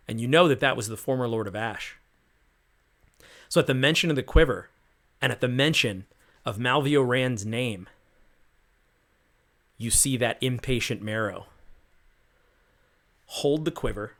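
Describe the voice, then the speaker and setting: A man's voice: medium pitch, measured pace, long pauses, fairly bright tone. Casual male game master narrating scenes. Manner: casual, cinematic scene-setting with fillers.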